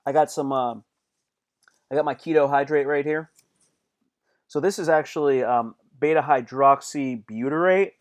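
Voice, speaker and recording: A man talks straight to his live-stream viewers in a casual, motivational way. His voice sits slightly higher than most men's. He leans on slang, repeats phrases, and acts out angry outbursts as examples. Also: moderate pace, pauses often.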